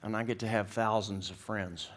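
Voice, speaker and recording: A man's voice: on the low side, steady tone, moderate pace, fairly bright tone. A middle-aged man preaching a sermon, telling stories in a folksy, joking way and acting out the people in them. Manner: folksy storytelling, acts out characters in the joke. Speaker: pastor. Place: church.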